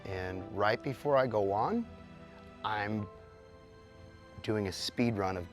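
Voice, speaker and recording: A man's voice: lowish voice, slow pace, faint music behind. A middle-aged man, a musician, answering interview questions bluntly and with animation. He swears now and then and mimics sounds with his voice.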